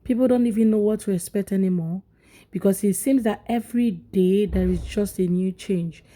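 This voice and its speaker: A woman giving casual, earnest reaction commentary, halting with fillers. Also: mid-range voice, dark tone.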